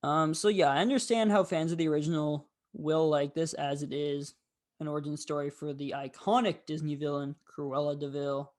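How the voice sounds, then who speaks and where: Man hosting a film review show, somewhat high voice, casual, rambling and candid. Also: steady tone, moderate pace, darkish tone. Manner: rambling, candid, with frequent fillers.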